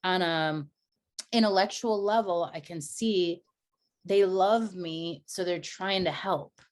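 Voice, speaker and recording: A woman's voice: on the low side, steady tone, slow. A middle-aged woman co-hosting a podcast, telling personal stories in a candid, confessional way. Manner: earnest, confessional storytelling. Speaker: podcast co-host.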